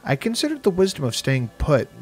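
A man's voice: a little high, huge pitch swings, a little fast, darkish tone. A man narrating a horror story in the first person, with a wry storytelling manner. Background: faint music.

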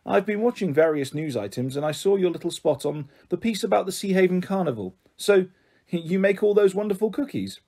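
A man's voice: high-pitched, lively intonation, fairly quick, dark tone, voice pushed up. A man voicing a friendly, upbeat TV researcher who speaks chirpily and encouragingly in a storybook reading. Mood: chirpy.

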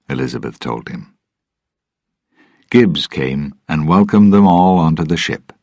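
Deep husky guy reading a story slow for english learners, dry close sound. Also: expressive, a little mellow, no room sound. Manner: clear, deliberate. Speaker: narrator.

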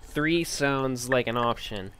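A man's voice: medium pitch, takes it slowly, noisy background. A man doing let's play commentary, thinking aloud about his choices in a jokey, chatty way. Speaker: video game streamer. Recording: loud background music.

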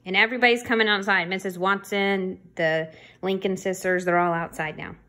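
A woman reading a children's chapter book aloud, chatty asides and lively, playful changes of voice for the characters. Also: mid-range voice, a little fast. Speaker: storybook reader.

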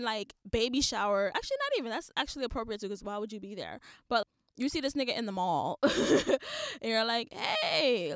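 A woman's voice: fairly high pitch, clear, resonant tone, no echo, studio quality. A young woman hosting a podcast, talking casually in a blunt, profane rant with frequent laughs. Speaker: podcast host. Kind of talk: casual monologue.

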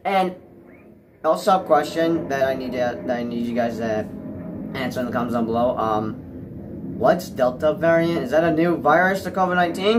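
A man vlogging about movies in a rambling, anxious and excitable rant, stammering and restarting as he talks, recorded at home. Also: medium pitch, moderate pace, a little hiss or hum.

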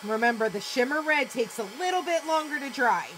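A woman hosting a live crafting demo, chatting excitedly and talking to herself as she works. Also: high voice, a little fast, noisy background. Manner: excitable, gushing, talks to herself while working. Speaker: craft demonstrator, live streamer.

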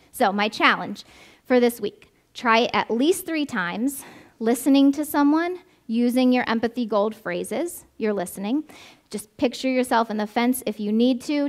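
Woman, preacher, sermon, unhurried, slightly high voice, conversational, emphatic repetition. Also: a little mellow. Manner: conversational, often adds "right?"; leads a closing prayer. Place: church service.

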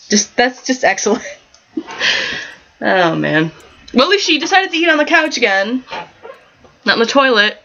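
A gaming channel host chats casually through a let's-play of a life-sim game, giggling a lot and drifting into rambling asides. Her voice sits a little high and sounds pushed and bright. The dull lo-fi home mic gives the recording a flat quality.

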